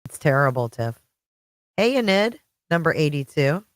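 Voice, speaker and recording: Middle-aged woman, deep voice, friendly rambling livestream host, dry close sound. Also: big pitch swings, normal speed, no room sound. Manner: chatty, greets viewers by name. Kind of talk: casual live-chat stream.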